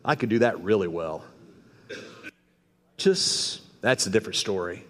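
Folksy pastor preaching in a reverberant hall. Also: male voice, lowish voice, expressive, a little slow, a bit bright. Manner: conversational, emphatic, folksy asides. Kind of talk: sermon. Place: church sanctuary.

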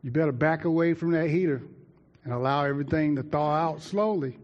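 Man voicing a strict dad, calm and firm, lo-fi sermon tape. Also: on the high side, in a large hall, natural voice. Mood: stern. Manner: firm, measured warnings. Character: strict, calm father warning his son.

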